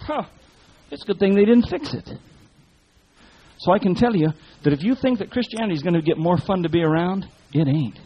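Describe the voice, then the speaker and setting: A man's voice: sits high, expressive, fairly quick, husky. A man preaching a sermon in a fiery, folksy way, full of colloquial speech. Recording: dull lo-fi recording.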